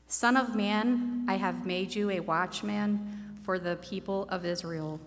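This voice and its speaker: Lay reader, woman, low-pitched Midwestern voice, deliberate delivery in a reverberant hall. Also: slight background noise. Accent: Midwestern American. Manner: measured, deliberate reading. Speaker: scripture reader. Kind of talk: reading scripture aloud. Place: church sanctuary.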